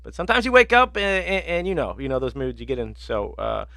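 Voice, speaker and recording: A man's voice: mid-range voice, fast talker, gravelly, bright, forceful tone, dry recording, clean studio sound. A man hosting a sports betting podcast, telling rambling, profane stories in casual chat with lots of fillers.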